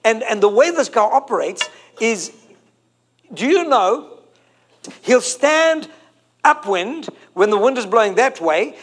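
A preacher in his forties with a notably high-pitched voice. He delivers his sermon emphatically, repeating and drawing out his key phrases. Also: very animated, takes it slowly, pauses often, fairly bright tone. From South Africa.

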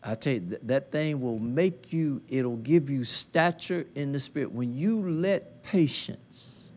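Holding a handheld mic, a man with a mid-range voice preaches slowly at a conference hall. Using homespun, colloquial phrasing, he builds up to loud, emphatic call-and-response high points.

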